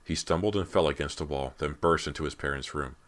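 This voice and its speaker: Man narrating a spooky teen book, super deep voice, steady pace. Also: fast talker. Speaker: audiobook narrator. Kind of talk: scripted narration.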